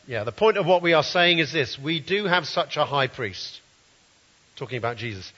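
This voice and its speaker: A man's voice: medium pitch, sharp tone. A man preaching a sermon, reading scripture aloud and commenting earnestly. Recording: dull, roomy hall sound.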